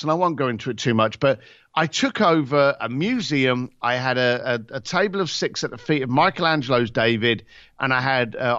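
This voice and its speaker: A man's voice: mid-range voice, a bit bright, no echo, muffled recording. A man on a podcast telling a story in a blunt, casual way. He swears and acts out both sides of the conversation. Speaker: podcast guest.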